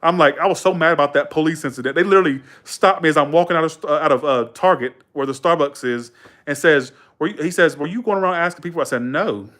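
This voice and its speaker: On a live stream, a young man from Georgia rambles colloquially to his viewers, his story full of restarts, asides and corrections, with raised-voice quotes of other people. He talks fast, pitched on the high side and a bit bright.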